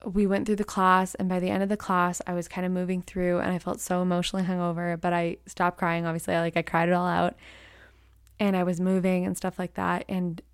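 A woman's voice: on the low side, monotone, a little fast, clear, resonant tone, no room sound, studio quality. A young woman who teaches acting, telling a personal story in a candid, rambling way with lots of "like" fillers.

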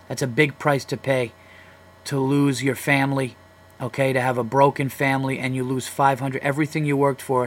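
A blunt, foul-mouthed man, hosting his own podcast. He rants about sports in a loose, casual monologue, his voice sitting at an ordinary middle pitch. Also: a bit bright. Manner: profane, ranting, blunt. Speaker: podcast host.

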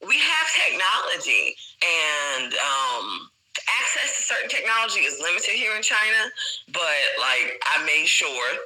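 Bright-voiced chatty man. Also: on the high side, big pitch swings, a little slow, low-quality recording. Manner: rambling, chatty, with frequent fillers and laughs. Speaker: guest teacher living in China. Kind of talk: casual interview chat.

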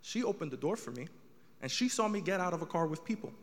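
A man's voice: a little high, expressive, fast, in a large hall. A young man doing a stand-up comedy set, telling a story with rising exasperation.

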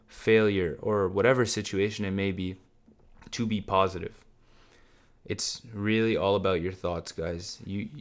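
A man's voice: low voice, clear, resonant tone. Blunt, swearing male motivational podcaster. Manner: blunt, casual, swears freely, direct address to listeners. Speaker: podcast host. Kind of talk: solo motivational podcast monologue.

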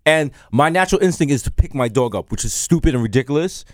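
A man's voice: on the high side, fast, dry recording, studio quality. A young man, co-hosting a podcast in brash, profane, comedic banter. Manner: brash, profane, animated storytelling. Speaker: podcast co-host.

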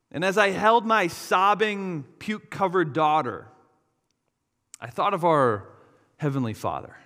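Storytelling pastor with hall reverb. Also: male voice, high-pitched, expressive, moderate pace, bright, forceful tone. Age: 30s. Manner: storytelling, shifts into quoted voices of his child. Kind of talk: sermon.

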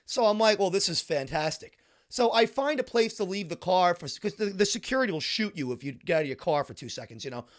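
A man's voice: sits high, expressive, fast. A man telling a wry, exasperated story in a casual chat.

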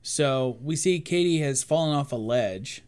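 A man's voice: medium pitch, lively intonation, a little mellow, smooth. A man co-hosting a podcast, recapping a film in casual chat with teasing jokes. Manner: joking, teasing, quick to laugh. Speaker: podcast co-host.

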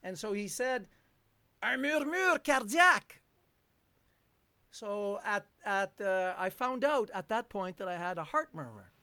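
Older guy as a rambling, chuckling guest storyteller; slightly high voice, dry close sound. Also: lively intonation, normal speed, hardly any pauses, a bit bright, clean tone, no echo. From Canada. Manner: rambling, chuckling, full of fillers. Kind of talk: storytelling in a conversation.

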